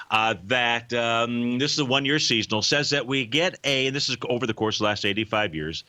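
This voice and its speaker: Bright-toned man hosting a trading show. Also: on the low side. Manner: casual, rambling, with many fillers. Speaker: radio show host, market analyst. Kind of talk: live financial talk show.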